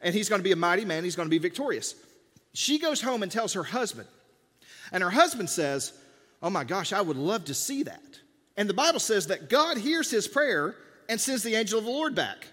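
A man's voice: sits high, a bit bright, long reverb tail. A man preaching a sermon in a church, talking conversationally and acting out the dialogue of biblical scenes. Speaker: pastor. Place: church sanctuary.

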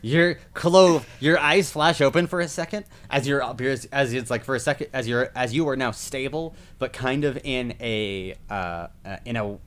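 A man's voice: mid-range voice, normal speed, few pauses. A man acting as game master of a tabletop game, explaining rules and narrating with many restarts and fillers. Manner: rambling, full of fillers and restarts.

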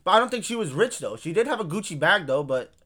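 A young man co-hosting a podcast, telling stories in a rambling, animated way with heavy swearing. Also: sits high, fast. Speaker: podcast co-host. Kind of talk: casual chat.

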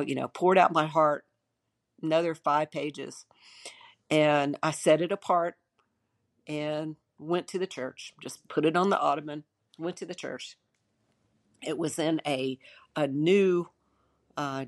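A woman's voice: deep voice, vocal fry. A woman pastor, older, sharing a personal testimony in an earnest, emotional way with many restarts.

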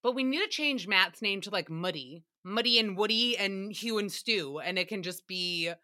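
A young adult woman hosting a casual recap podcast, talking in an animated, playful way and slipping into silly voices. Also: medium pitch, moderate pace. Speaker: podcast host.

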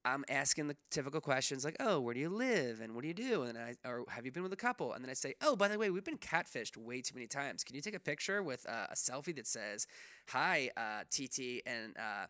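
A very animated man talks briskly at medium pitch, bright and forceful, in clean studio sound with no room reverb. He's a podcast co-host chatting casually, rambling with lots of fillers and restarts and swearing freely.

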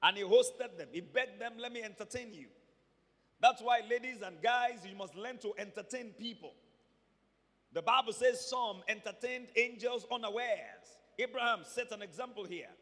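A man preaching a sermon to a church, moving between quiet asides and emphatic, shouted lines. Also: very high voice, normal speed, long reverb tail.

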